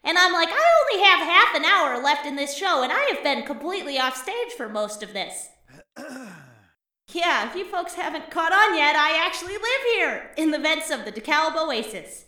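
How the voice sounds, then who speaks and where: A woman's voice: high-pitched, sing-song, moderate pace, bright, forceful tone, recorded from a distance, exaggerated voice. A woman playing a quirky comedian who lives in the vents, rambling through a stand-up set with giggles. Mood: amused. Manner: rambling, giggly, puts on voices in anecdotes. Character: quirky vent-dwelling comedian, chatty and odd. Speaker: stand-up comic and co-host. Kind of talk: audio drama stand-up monologue. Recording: roomy, from off-mic.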